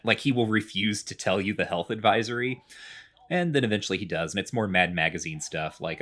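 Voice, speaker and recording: A man's voice: on the low side, a little fast, bright, forceful tone. A man in casual podcast chat, rambling through a game recap with lots of fillers. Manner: rambling, many fillers, chatty explaining. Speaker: podcast co-host.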